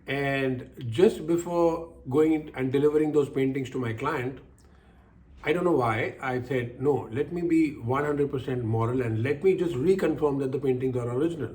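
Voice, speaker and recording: Speaking at a normal speed, this older man's medium-pitched voice carries a slightly mellow quality. He draws life lessons from his own experiences, performing the voices of those he quotes and repeating key phrases for emphasis.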